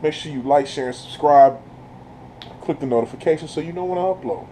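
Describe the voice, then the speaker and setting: A man giving an excited, casual recap as a video reviewer, breaking into laughter and breathless from it. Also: on the high side, a little fast, slight background noise, rough recording. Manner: keeps breaking into laughter while retelling.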